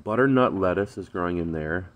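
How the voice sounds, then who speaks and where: A relaxed man chatting to his viewers from his backyard garden, his voice sitting very low. He talks in an easygoing, slangy way, full of ums and uhs, as if filming on a phone outdoors. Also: fairly quick, no room sound. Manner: laid-back, slangy, lots of fillers. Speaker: vlogger. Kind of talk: casual chat.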